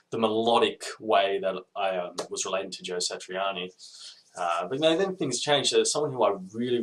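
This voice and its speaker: A man's voice: lowish voice, a bit bright, low-quality recording. Laid-back Australian man rambling casually. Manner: hesitant, many ums and restarts, laid-back. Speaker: podcast listener giving a video response.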